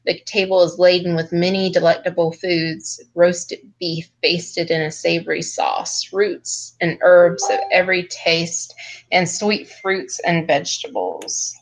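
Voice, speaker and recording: A woman running a tabletop game, narrating rich scene descriptions at a slow, measured pace. Her voice sits fairly low for a woman. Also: slight background noise, rough recording. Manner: descriptive, unhurried narration with laughter. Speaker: game master.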